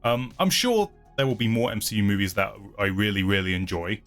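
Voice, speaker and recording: Rambling man, low voice. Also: sing-song, a little fast, fairly bright tone, soft background music. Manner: rambling and hedging, often laughing at himself. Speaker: channel host. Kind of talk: casual chat answering viewer comments.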